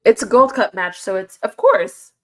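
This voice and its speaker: A woman's voice: fairly high pitch, expressive, normal speed, fairly bright tone. A woman chatting casually on a livestream, answering her chat and laughing often.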